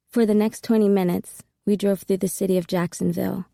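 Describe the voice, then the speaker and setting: A woman reading a first-person audiobook in a steady, intimate storytelling manner. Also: mid-range voice, fairly quick, vocal fry, no room sound, studio quality. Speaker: audiobook narrator.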